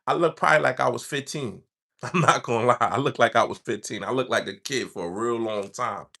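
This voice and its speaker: A man's voice: mid-range voice, fairly quick, gravelly, pushed and bright. A man, telling his own story in loose street slang. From New York. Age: 40s. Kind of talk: casual storytelling.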